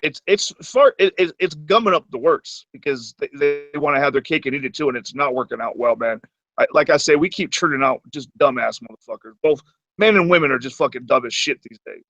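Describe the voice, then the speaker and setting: A man's voice: medium pitch, a little fast, fairly bright tone, dry recording. A man co-hosting a stream, ranting in casual, profane talk. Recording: dull, dry lo-fi audio.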